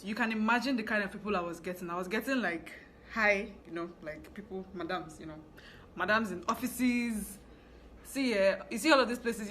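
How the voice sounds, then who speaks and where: Bright chatty Nigerian woman storyteller. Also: medium pitch, a little hiss or hum. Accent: Nigerian English. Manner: chatty, animated storytelling with asides. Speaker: fashion business owner vlogger. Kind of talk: casual storytelling vlog.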